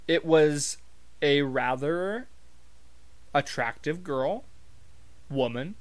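Montana guy, casual wry storyteller, somewhat high, smooth resonant voice, swears freely. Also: animated, extremely slow. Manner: rambling, profane, wry, with many fillers.

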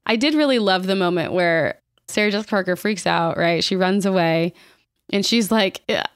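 A woman's voice: mid-range voice, normal speed, clean tone, no echo, clean studio sound. A woman co-hosting a podcast, chatting casually and bluntly about a movie, swearing freely and gushing over scenes she loves. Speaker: podcast co-host. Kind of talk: casual movie recap chat.

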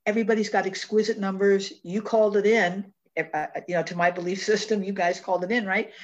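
A woman's voice: medium pitch, steady tone, fairly quick, muffled recording. A woman hosting a spiritual talk, speaking in an earnest, affirming way and often repeating phrases. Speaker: host, numerology speaker. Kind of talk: spiritual talk show chat.

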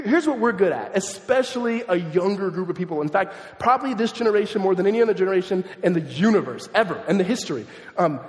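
Male pastor, fairly high voice, chatty animated sermon, reverberant church hall. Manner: conversational, animated, self-deprecating asides. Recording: echoey hall, long reverb.

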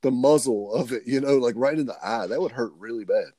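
A man's voice: medium pitch, brisk, mellow, a little hiss or hum. A young man co-hosting a podcast, chatting casually with laid-back, joking banter and frequent swearing. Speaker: podcast co-host. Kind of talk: casual chat.

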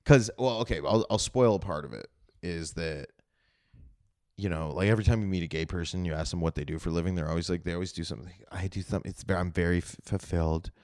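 A man's voice: low voice, fast, darkish tone, no echo, clean studio sound. A young man from Canada hosting a comedy podcast, talking in a blunt, profane, joking way. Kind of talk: casual podcast chat.

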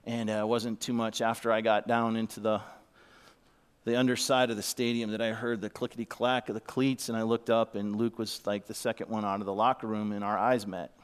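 A man's voice: fairly low pitch, flat delivery, a little fast, clean tone. A middle-aged man giving a sermon as a pastor, telling a heartfelt story and sometimes dropping to a whisper. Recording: long reverb of a large hall.

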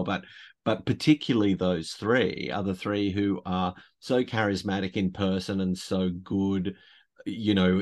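A man co-hosting a podcast in casual chat, talking enthusiastically with rambling restarts. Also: sits low. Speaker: podcast co-host.

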